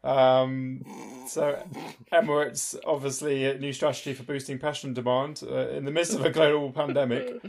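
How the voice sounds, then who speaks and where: A man co-hosting a casual podcast, relaxed and hesitant as he shares a news item. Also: mid-range voice, moderate pace. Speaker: podcast co-host. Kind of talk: casual chat.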